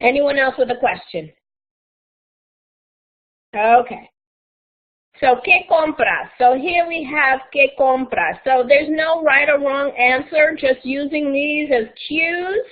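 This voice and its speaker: A woman's voice: high voice, takes it slowly. A woman teaching a live online Spanish class, explaining patiently step by step. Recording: tinny phone-like audio.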